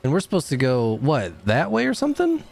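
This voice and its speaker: Animated man streaming a game. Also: mid-range voice, fairly quick, gravelly. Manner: animated, frustrated outbursts, chatting with viewers. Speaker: gaming streamer. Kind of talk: live game commentary.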